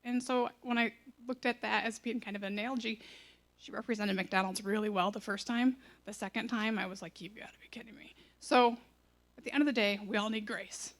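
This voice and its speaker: A woman, telling a personal testimony in a casual, animated way and acting out the voices in it. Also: medium pitch, a little fast. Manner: chatty, animated, acts out quoted lines. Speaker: church member sharing a testimony.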